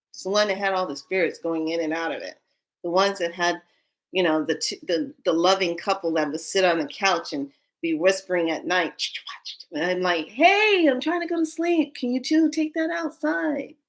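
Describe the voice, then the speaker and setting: A woman telling a personal story as a spiritual speaker, expressive and acting out the dialogue. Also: on the low side.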